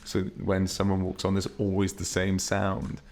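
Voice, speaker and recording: A man's voice: deep voice, monotone, moderate pace, a little mellow. A man co-hosting a comedy podcast, chatting casually, telling stories and laughing often. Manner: chatty storyteller, laughs often, acts out quotes. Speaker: podcast co-host.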